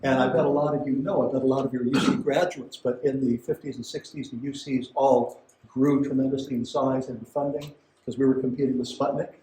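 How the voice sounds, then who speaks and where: A man's voice: mid-range voice, steady tone, brisk, mellow, slight background noise. A man giving a conversational art lecture to a museum audience, chatty, with asides and questions to the room. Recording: roomy gallery echo.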